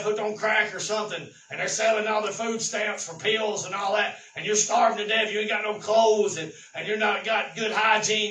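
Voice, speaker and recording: A man preaching a sermon, telling folksy stories and building to shouted exhortation. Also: high-pitched, reverberant, recorded from a distance, a little hiss or hum, low-quality recording. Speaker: pastor.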